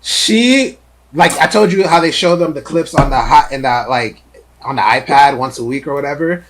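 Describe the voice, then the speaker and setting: A man's voice: fairly high pitch, moderate pace, a crowd in the background. A man hosting a podcast, telling stories animatedly in casual chat with lots of filler words. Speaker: podcast host.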